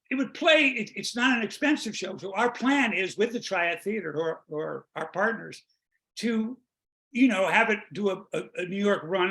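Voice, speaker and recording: Brief: older male comedy writer, high and gravelly, rambling storyteller on a video call. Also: sharp tone. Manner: rambling storyteller, restarts, quick jokes. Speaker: guest, comedy songwriter. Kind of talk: casual interview chat.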